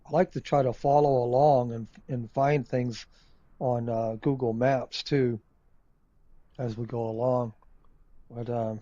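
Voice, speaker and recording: A man's voice: medium pitch, mellow, no room sound, lo-fi sound. A man hosting a flight simulator video, chatting casually and rambling with many ums and uhs as he thinks aloud. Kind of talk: casual gameplay commentary. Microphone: desk microphone.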